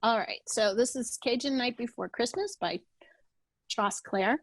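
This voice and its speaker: A woman's voice: fairly high pitch, measured pace, no echo. A woman being interviewed on a podcast over a video call, talking casually with many restarts. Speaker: podcast guest.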